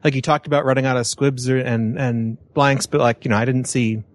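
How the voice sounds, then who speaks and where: A man's voice: medium pitch, steady tone, no room sound. Hesitant male interviewer, dry sound. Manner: hesitant, halting phrasing. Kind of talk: interview question.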